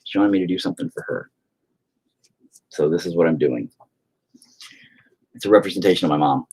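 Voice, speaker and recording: A man's voice: sits low, brisk, darkish tone, slightly rough. A man chatting casually and profanely with viewers while he paints, rambling and putting himself down. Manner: profane, rambling, self-deprecating.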